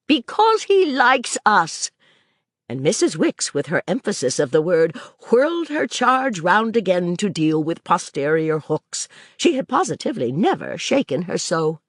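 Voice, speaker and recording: A woman narrating a classic novel as an audiobook in a measured reading style, dropping her voice low and soft on the speech tags. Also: sing-song, dry recording, clean studio sound. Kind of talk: scripted literary narration.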